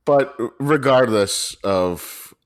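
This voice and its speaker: A man's voice: medium pitch, extremely slow, clean tone. A man co-hosting a casual podcast, swearing and joking at his own expense. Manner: crude, self-mocking banter. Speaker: podcast co-host.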